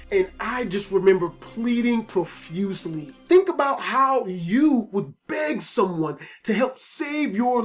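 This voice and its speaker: A man telling a story from his own life as a casual storytime monologue, emotional and profane, who keeps dropping "man" into his talk. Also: very high voice. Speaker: YouTube storyteller.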